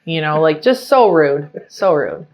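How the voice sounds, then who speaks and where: A young adult woman sharing her personal story in casual talk, chatty and animated, full of fillers as she retells scenes. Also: deep voice, a little slow. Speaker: interviewee.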